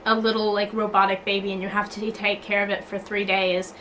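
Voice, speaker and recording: A woman's voice: medium pitch, flat delivery, brisk, sharp tone, slight background noise, poor audio. A young woman venting casually to her camera, blunt and sweary, full of filler likes and restarts. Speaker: vlogger. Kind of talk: casual talking-to-camera rant.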